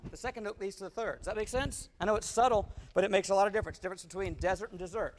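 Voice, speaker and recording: Talking very fast in a high voice, a man rehearses a wind band, coaxing them through phrasing and singing the rhythms on syllables. His wireless body mic picks up long reverb in the large hall, with band music in the background.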